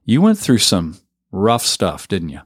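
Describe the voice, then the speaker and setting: Male host, middle-aged, lowish voice, encouraging interviewer; dry close sound. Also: huge pitch swings, unhurried, no echo. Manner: encouraging, asks leading questions. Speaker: podcast host. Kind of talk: faith interview.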